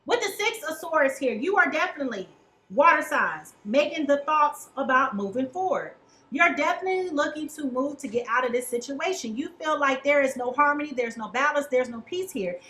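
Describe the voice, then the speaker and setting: A woman's voice: sits high, animated, a little fast, bright, forceful tone, low-quality recording. A woman giving a casual tarot reading, chatty and colloquial, who keeps checking in with "okay?". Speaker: tarot reader.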